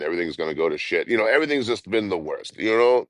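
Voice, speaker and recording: A man's voice: lowish voice, big pitch swings, fast, no echo. A man, chatting casually and profanely on a travel live stream, laughing often. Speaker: travel vlogger.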